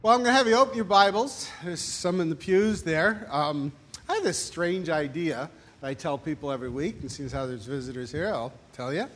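A man's voice: fairly high pitch, gravelly, a bit bright. A man preaching a sermon as pastor, conversational and joking with the congregation.

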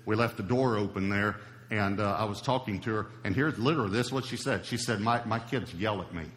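A man's voice: lowish voice, fairly quick, fairly bright tone. A male pastor giving a sermon in an emphatic, conversational preaching style. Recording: long hall reverb.

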